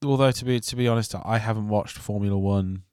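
A man hosting a podcast, his voice sitting a little low. He chats casually, laughs easily and moves the conversation along. The recording is dry and close. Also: fast talker, darkish tone, clean tone, no room sound. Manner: laughs easily, leads the segments. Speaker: podcast host. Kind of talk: casual chat.

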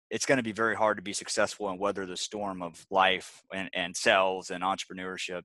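A man with a fairly low voice, recorded dry and close, co-hosts a podcast. He talks in a halting way, stumbling over repeated words before getting his point out. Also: sharp tone, dry recording. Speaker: podcast co-host. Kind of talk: casual podcast interview.

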